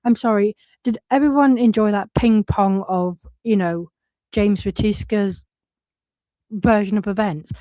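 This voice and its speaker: A woman reads out messages with frank, casual commentary, swearing freely and often breaking off to restart her sentences. Her mid-range voice has a dark tone, delivered at a measured pace with no room sound.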